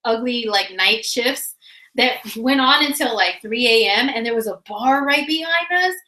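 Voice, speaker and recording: Bright, animated woman telling stories. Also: a little high, unhurried. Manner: animated, laughing, full of "like" fillers. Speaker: vlogger. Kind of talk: casual storytelling. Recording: roomy echo.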